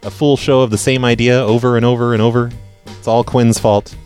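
A man's voice: mid-range voice, level tone, a little fast, darkish tone, faint music behind. An American man hosting a prank call show, chatting in a wry, offhand way. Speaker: podcast host.

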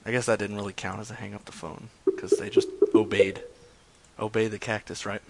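Excitable, foul-mouthed male prank streamer. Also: on the low side, brisk, creaky. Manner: excitable, profane, laughs often. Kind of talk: casual live-stream chat.

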